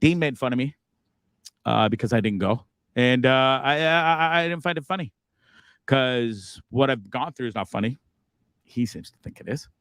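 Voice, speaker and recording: A man's voice: mid-range voice, lively intonation, moderate pace, long pauses, a bit bright, no room sound. A man hosting a casual livestream from a bus, rambling, swearing and laughing at himself. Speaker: host.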